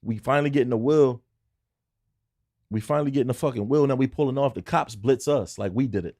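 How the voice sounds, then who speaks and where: Young male podcast guest, gravelly, dry close sound, lively storyteller. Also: medium pitch, a little fast, no echo. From Philadelphia. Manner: animated storyteller, acts out quotes in raised voice, swears freely. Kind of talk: storytelling in casual chat. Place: podcast studio.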